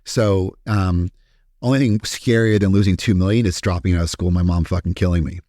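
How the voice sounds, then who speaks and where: Podcast guest from Kentucky, low-pitched man, animated and profane, dry close sound. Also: fairly quick, no echo. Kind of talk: casual storytelling interview.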